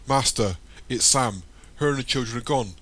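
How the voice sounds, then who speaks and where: A man's voice: mid-range voice, normal speed, a bit bright, natural voice. A man voicing a panicked young man, speaking with anxious, breathless urgency.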